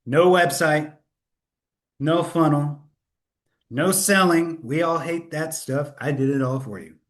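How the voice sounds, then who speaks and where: A man's voice: on the high side, takes it slowly. A man hosting a live sales webinar, upbeat and chatty, correcting himself and laughing at his own slip-ups, speaking into a computer mic. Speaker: webinar host.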